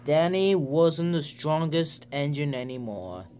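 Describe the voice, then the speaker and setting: A man reading out a homemade train story at a very slow pace, his voice sitting fairly high. He stumbles and restarts often. A faint hiss sits under the voice. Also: big pitch swings, a little mellow. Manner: slow, halting, many restarts.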